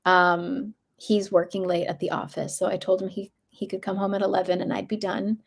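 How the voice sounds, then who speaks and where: A woman's voice: medium pitch, flat delivery, normal speed, creaky. A young woman hosting a book channel livestream from her room, chatting casually and meandering with lots of fillers.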